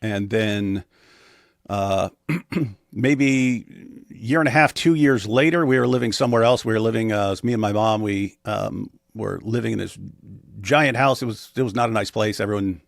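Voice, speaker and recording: A man's voice: on the low side, normal speed, creaky, no room sound, clean studio sound. A man as an interview guest, telling a personal story in a matter-of-fact way with frequent restarts. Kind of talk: casual storytelling in conversation.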